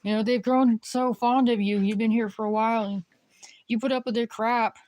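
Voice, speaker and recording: A woman putting on a rich, busy mother who coaxes the nanny to stay, her voice lifted high and sugary, a little louder than her own talk. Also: steady tone, moderate pace, natural voice. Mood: pleading.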